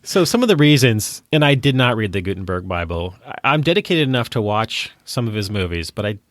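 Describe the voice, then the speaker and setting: A man's voice: lowish voice, sing-song, a little fast, no room sound, studio quality. A middle-aged man co-hosting a podcast in a rambling, casual way, with lots of fillers and laughing at his own jokes. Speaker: podcast co-host.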